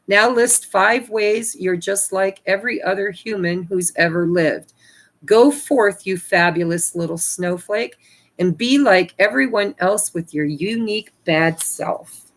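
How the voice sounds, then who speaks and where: A woman hosting a casual tarot card reading for her viewers, cheeky and laughing often, swearing freely. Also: mid-range voice. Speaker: tarot reader.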